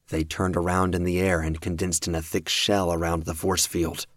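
A male audiobook narrator reads with steady, even storytelling. His voice is very low and deep, and it is recorded close and bone-dry, with no room sound. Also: no echo.

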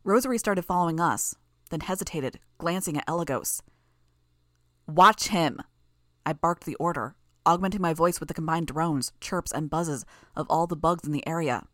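A woman narrating a first-person audiobook in a steady, even storytelling manner. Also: sits low, fairly quick, no echo, clean studio sound.

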